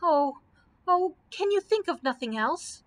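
Woman doing shrill, urgent Dorothy. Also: quick pace, pushed and bright. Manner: urgent, pleading. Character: excitable young girl heroine, Dorothy.

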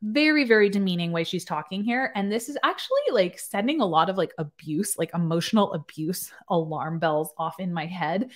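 A woman's voice: on the low side, brisk, hardly any pauses. A woman in her thirties, a nurse practitioner, giving sarcastic, chatty reaction-video commentary full of fillers.

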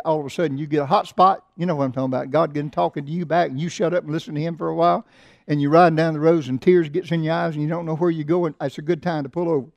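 A middle-aged man preaching a sermon in church, swelling loud and slow on scripture and dropping low for asides. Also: vocal fry, no echo. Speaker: pastor. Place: church sanctuary.

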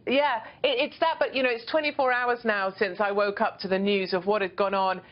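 A woman's voice: medium pitch, steady tone, brisk, dull audio. A woman from Britain, a columnist speaking as a guest on a news show, talking in an impassioned, emphatic and indignant way. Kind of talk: remote TV interview.

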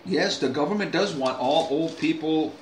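With a fairly high voice at a moderate pace, an older man delivers a folksy, rambling vlog monologue straight to his viewers, full of restarts and asides. The room is echoey, with faint ambience and a little hiss or hum.

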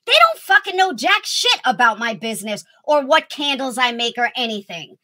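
A woman in a furious, profanity-laden rant, her voice sitting high and swinging wildly up and down. The tone is bright and cutting, and she spits out threats with constant swearing. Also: big pitch swings, moderate pace. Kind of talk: angry ranting monologue.

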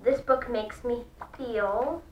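A woman reading a children's book aloud, slow and careful with small restarts. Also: fairly high pitch. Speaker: storybook reader. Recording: echoey room, far from the mic, faint background noise.

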